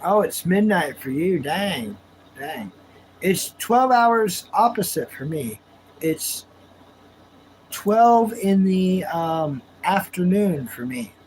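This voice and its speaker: Broadcasting live from his home, this male host chats easily with his audience, drawling and often breaking into laughter. His high voice is slow, somewhat mellow and lively in intonation, and the audio is rough with a bit of background noise.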